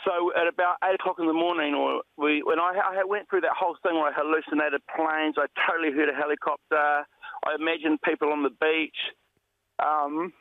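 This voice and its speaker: A man being interviewed as a shipwreck survivor, retelling his rescue in a rambling, animated way, full of restarts. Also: on the high side, brisk, no echo. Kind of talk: phone interview storytelling. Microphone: telephone. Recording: tinny phone line.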